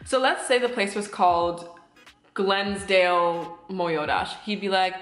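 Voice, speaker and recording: A woman's voice: medium pitch, unhurried, fairly bright tone, echoey room, faint music behind. Chatty young woman telling a story. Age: 20s. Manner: chatty, lots of fillers and swearing. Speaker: vlogger. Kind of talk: casual storytime.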